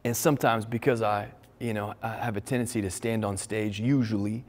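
A man's voice: lowish voice, steady tone, fairly quick. A man preaching a sermon as a pastor, talking conversationally and telling personal stories with frequent restarts. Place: church stage with large crowd. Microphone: stage microphone. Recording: long hall reverb.

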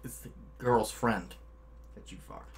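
A man's voice: mid-range voice, steady tone, measured pace, vocal fry, slight background noise. A man giving casual, profane commentary over a video game with a friend, joking and trading insults. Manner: crude, joking, trades insults with his friend. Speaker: gaming commentator.

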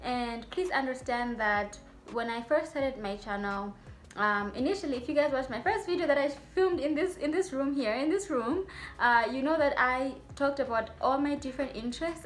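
A young adult woman, a medical student vlogger, talking to her viewers in a chatty, rambling way with playful asides. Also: high voice. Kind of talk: casual vlog talk to viewers.

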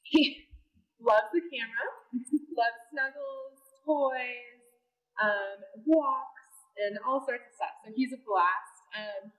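A woman presenting a dog for adoption in an upbeat, warm manner. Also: on the high side, far from the mic, poor audio. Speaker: shelter volunteer. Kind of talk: pet adoption spotlight.

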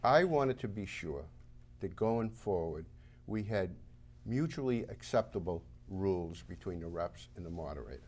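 A self-assured man with a Boston accent talks on a local talk show. He sets out his points one by one, emphatic and certain. His voice sits a little low. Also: expressive, moderate pace, darkish tone. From Massachusetts. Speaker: town moderator candidate.

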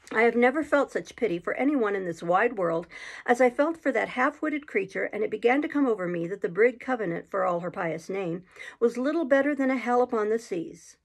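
A woman reading a classic adventure novel aloud in a steady, measured storytelling manner. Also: on the high side, vocal fry. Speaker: reader.

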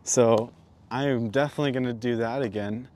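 A man's voice: medium pitch, steady tone, fairly quick, darkish tone. A man vlogging casually to camera about his day riding, chatty and self-mocking. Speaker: motorcycle vlogger.

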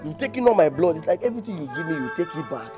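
A young man with a Nigerian accent doing an excitable, pleading, scolding comedy sketch role. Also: fairly high pitch, rapid-fire, over music. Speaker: comic actor. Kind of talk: comedy sketch acting in Pidgin and English.

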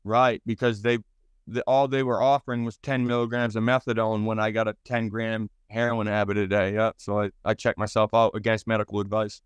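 A man's voice: fairly low pitch, flat delivery, clear, resonant tone, dry recording. Blunt thirties man with a Boston accent. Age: 30s. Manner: blunt, rambling, profane, halting restarts. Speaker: guest. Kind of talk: interview storytelling.

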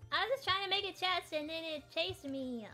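A woman's voice: extremely high pitch, fast, sharp tone, faint music behind. A woman streaming a game, chatting playfully and giggling with her co-player. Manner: giggly, playful, shrieks when startled. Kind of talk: casual gaming stream chat.

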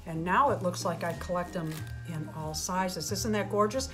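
A woman hosts a doll channel, talking slowly and unhurriedly as she unwraps presents and exclaims over each one. Her voice sits at an ordinary pitch and rings in a roomy, echoing space, with faint music underneath. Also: fairly bright tone. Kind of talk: casual unboxing chat.

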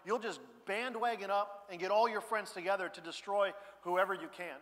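A male pastor preaching a sermon in a conversational way, dropping quiet and then rising loud. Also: high voice, steady tone, moderate pace. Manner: conversational preaching, swings between hushed and loud. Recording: church hall reverb.

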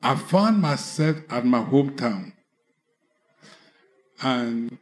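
A man preaching with a Nigerian English accent, telling a personal conversion testimony slowly, with halting restarts. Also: medium pitch, a little mellow. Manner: slow, halting storytelling with restarts. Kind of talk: testimony sermon.

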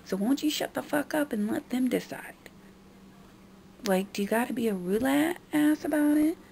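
A young woman venting to her camera with a frustrated edge, talking at a middle pitch. Her voice has a gravelly, fried texture, and a faint hiss of noise sits under it. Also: lively intonation, moderate pace, a little mellow. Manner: frustrated, mimicking others in a high nagging voice. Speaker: vlogger. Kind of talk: venting monologue.

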